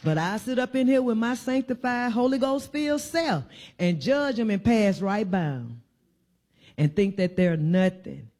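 Woman giving a warm, repetitive sermon. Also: mid-range voice, animated, unhurried. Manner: conversational preaching with repeated emphatic phrases. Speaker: church speaker. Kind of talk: informal sermon. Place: church.

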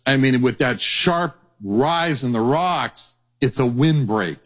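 A middle-aged man preaching a sermon, telling stories with lively acted-out voices. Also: medium pitch. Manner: animated storytelling, acts out voices.

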